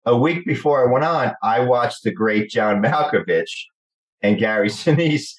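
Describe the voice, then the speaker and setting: A middle-aged man with a New Jersey accent, telling lively stories in an interview and acting out the people in them. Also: mid-range voice, normal speed, low-quality recording. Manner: animated storyteller acting out quoted voices. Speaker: guest actor. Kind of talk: storytelling interview chat.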